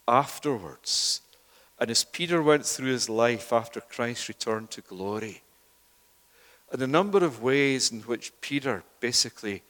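A male preacher delivers a sermon in a middle-pitched voice. He swings between loud, urgent bursts and quiet, hushed near-whispers. His voice carries a long reverb, as in a large church hall.

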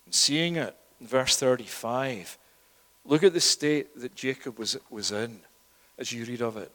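A man's voice: medium pitch, a little slow. A man preaching a sermon in church, emphatic, often repeating words. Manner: emphatic, rising and louder at key points, with repeated words. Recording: long echo of a church hall.

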